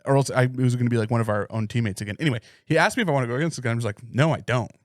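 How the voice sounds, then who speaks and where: A man's voice: medium pitch, rapid-fire, no echo, clean studio sound. A man co-hosting a podcast, telling rambling, profane stories in casual chat. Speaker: podcast co-host.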